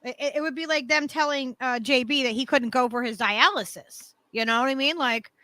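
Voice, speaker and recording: An animated woman co-hosting a casual panel chat, restarting and repeating words often. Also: high-pitched, fairly quick, no room sound.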